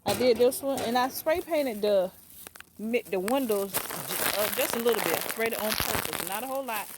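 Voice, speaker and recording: A middle-aged woman vlogging casually from her dining room at home, talking fast and chatty to her viewers. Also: mid-range voice, very noisy. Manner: fast-talking, chatty, says y'all a lot. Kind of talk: casual vlog chat.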